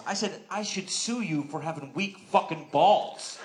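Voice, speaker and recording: A man performs a stand-up set, telling a profane story and snapping into quick bits of dialogue. His voice sits a little higher than most men's. A faint hum of room sound runs under him. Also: animated. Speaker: stand-up comedian. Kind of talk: stand-up routine.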